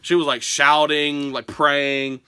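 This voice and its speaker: A man from Pennsylvania telling stories and answering viewer questions in a casual, animated home vlog, often breaking into laughter. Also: a little high, slow, smooth, dry recording. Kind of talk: casual storytelling Q&A. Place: his home.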